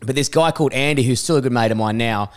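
A man's voice: mid-range voice, quick pace. A young man hosting a podcast, telling a self-mocking, sweary story and laughing through it. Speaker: podcast host. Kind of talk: casual storytelling.

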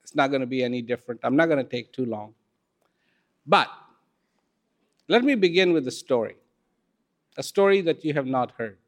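A man telling a story in a talk, unhurried and expressive, with dramatic pauses. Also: medium pitch. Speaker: speaker.

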